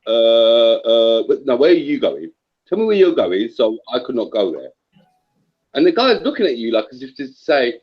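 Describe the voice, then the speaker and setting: A man's voice: mid-range voice, moderate pace. A man in a heated casual chat, swearing freely and telling stories with lots of slang. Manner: profane, animated storytelling with slang. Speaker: voice chat participant. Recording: dull lo-fi online audio.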